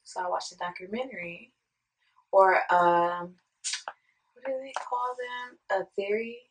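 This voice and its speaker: A woman's voice: on the low side, a little slow, poor audio. A woman co-hosting a podcast, casual, blunt and joking. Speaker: podcast co-host.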